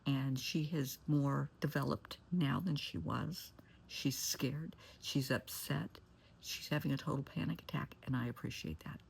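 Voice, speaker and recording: Woman, therapist, husky, gravelly, candid, blunt storytelling. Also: rumbling low, unhurried. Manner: candid, blunt, shifts to forceful warnings. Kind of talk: storytelling advice talk.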